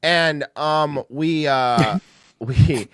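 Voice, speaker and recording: A man's voice: a little high, extremely slow, smooth, dry recording, studio quality. A man co-hosting a podcast, telling a story in casual chat with lots of restarts. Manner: rambling, restarts a lot. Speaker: podcast co-host.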